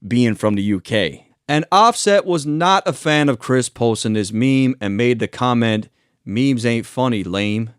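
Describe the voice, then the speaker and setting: A man's voice: mid-range voice, lively intonation, measured pace, few pauses, smooth, dry recording, studio quality. A man narrating a commentary video in a casual, conversational way, swearing now and then. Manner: conversational, swearing, reads quotes aloud. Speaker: commentary channel host.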